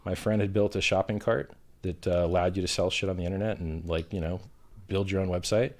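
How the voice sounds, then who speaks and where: A man's voice: low-pitched, steady tone, a little fast. A man being interviewed on a livestream, combative and profane, who hurls insults while defending himself. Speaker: interview guest.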